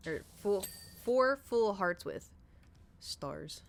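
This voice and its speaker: A woman's voice: medium pitch, drawn-out words, vocal fry, a little hiss or hum. A woman streamer chatting casually while she plays, rambling and swearing as she tells stories. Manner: rambling, profane, animated storytelling. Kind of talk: casual chat while gaming.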